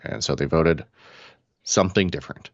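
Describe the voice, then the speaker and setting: A man's voice: rumbling low, normal speed, no room sound, dull audio. A man co-hosting a podcast who speaks in an earnest, emphatic way in casual chat. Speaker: podcast co-host.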